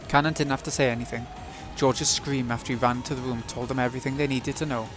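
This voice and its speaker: A man reading the narration of a visual novel aloud as a let's play, in a steady storytelling read. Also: mid-range voice, fast, over music.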